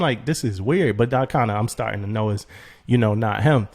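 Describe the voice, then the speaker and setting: Slangy, animated man telling a story. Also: mid-range voice, fairly quick. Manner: animated, slangy, laughs often and repeats himself. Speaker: podcast co-host. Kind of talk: casual storytelling chat.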